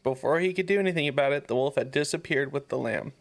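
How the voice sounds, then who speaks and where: A man's voice: mid-range voice, quick pace. A man co-hosting a podcast, reading a folk tale aloud and breaking off playfully to joke. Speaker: podcast co-host.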